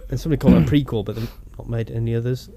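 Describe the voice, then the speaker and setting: A man co-hosting a casual podcast, animated and jokey. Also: rapid-fire, creaky. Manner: animated, bursts into silly high voices. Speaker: podcast co-host. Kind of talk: casual banter.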